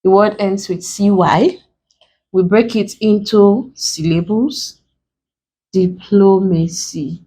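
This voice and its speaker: A woman with a Nigerian accent leads an exam-prep lesson, spelling out letters and splitting words into syllables step by step. She speaks slowly and deliberately in a warm, husky, medium-pitched voice. The recording quality is low.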